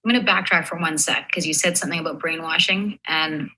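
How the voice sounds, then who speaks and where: Bright-voiced woman explaining calmly. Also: low voice, fast talker, slight background noise, rough recording. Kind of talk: casual conversation.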